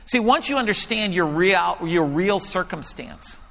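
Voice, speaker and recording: A male pastor preaching a sermon and telling a story, animated at times and hushed when he quotes a prayer. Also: sits high, unhurried, creaky. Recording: hall reverb.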